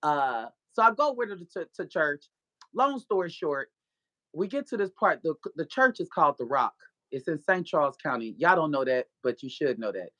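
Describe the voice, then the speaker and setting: A woman, a podcast guest and author, telling an animated, profane story of her faith. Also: low-pitched, moderate pace, no room sound. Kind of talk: casual testimony.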